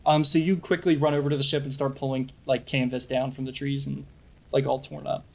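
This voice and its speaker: A man's voice: medium pitch, level tone, fairly quick, vocal fry. A man running a tabletop game as game master, narrating loosely with fillers.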